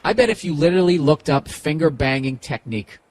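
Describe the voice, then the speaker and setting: A man's voice: a little high, animated, a little fast, a little mellow. A man with a Boston accent, hosting a podcast and giving profane, rambling comedic advice. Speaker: podcast host.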